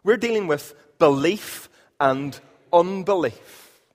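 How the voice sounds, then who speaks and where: Guy preaching in church, kinda high voice, long echo trailing off the walls. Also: expressive, slow. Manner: emphatic preaching with shifting loudness and repeated phrases. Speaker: pastor. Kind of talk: sermon.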